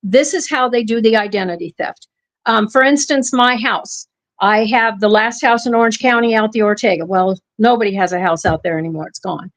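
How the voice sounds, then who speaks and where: A woman's voice: medium pitch, a little fast. A woman hosting a podcast, telling long, rambling stories and correcting herself mid-sentence. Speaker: podcast host. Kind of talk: casual podcast talk.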